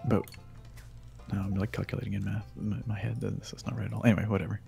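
A man from Canada co-hosting a soft-spoken ASMR gaming chat, hesitant and often dropping into whispers. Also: on the low side, level tone, fast talker, gravelly, soft background music. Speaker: co-host.

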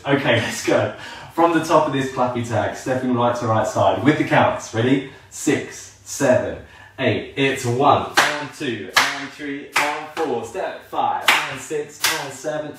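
Off-mic and far away in a very echoey room, a medium-pitched man runs a live online line dance class from his home. He calls the counts in rhythm while dancing, sounding upbeat and cracking self-deprecating jokes, with faint noise in the background.

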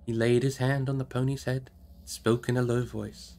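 A man reads a fantasy novel aloud at a steady, measured pace. His voice sits at an ordinary middle pitch. He narrates plainly for a live stream audience. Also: gravelly, slight background noise. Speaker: audiobook reader on a live stream.

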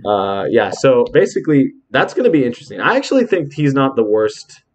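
A man's voice: mid-range voice, very animated, fairly quick, a little mellow. A man hosting a casual podcast chat, rambling with lots of fillers and restarts. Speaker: podcast host.

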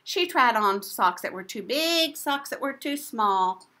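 A woman teacher reads a storybook aloud to young children, playful and full of questions. Her voice is bright and fairly high, with lively swoops in pitch. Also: a little slow. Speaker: preschool teacher. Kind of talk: reading a picture book to children.

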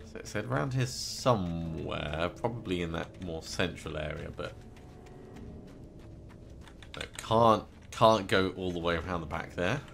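A man's voice: low-pitched, unhurried, creaky, a bit bright, faint music behind. A man casually commenting while playing a video game, with wry joking asides. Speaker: let's play host.

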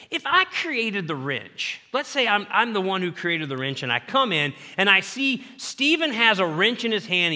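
A man preaching a sermon as pastor, animated, acting out little scenes with quick voices. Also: high-pitched. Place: church sanctuary. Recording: church hall reverb.

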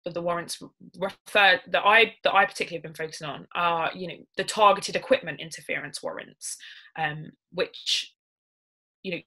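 A young woman, a barrister, giving a careful webinar talk on a point of law, pausing often with ums and restarting her sentences. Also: fairly low pitch, fairly even intonation, bright, forceful tone, poor audio. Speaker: barrister presenting a legal webinar. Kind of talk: webinar presentation.

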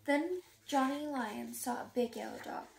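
A woman reading a children's storybook aloud, lively and playing up the sound words and dialogue. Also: sits high, unhurried, vocal fry, echoey room, distant mic. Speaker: reader.

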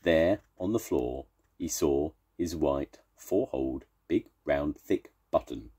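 An older man, a grandfather, reading a children's storybook aloud, slow and expressive. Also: extremely low pitch, breathy edge. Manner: slow, expressive read-aloud with warm sign-offs.

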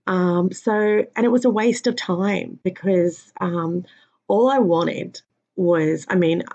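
Weary low-voiced woman, gravelly and husky. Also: warm tone. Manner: halting, with many pauses and fillers. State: tired and in pain. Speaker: vlogger. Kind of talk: personal health update vlog. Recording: dull lo-fi recording.

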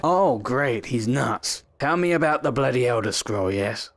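A man's voice: medium pitch, lively intonation, a little slow, slight background noise. A man giving comedic VR gameplay commentary, playful and rambling, slipping into silly voices. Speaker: gaming YouTuber.

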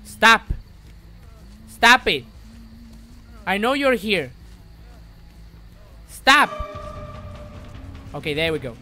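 Bright-voiced excitable swearing gamer man. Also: high-pitched, very slow, pauses often, faint music behind. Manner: swearing, excitable, talks to the game. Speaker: streamer. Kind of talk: live gameplay commentary.

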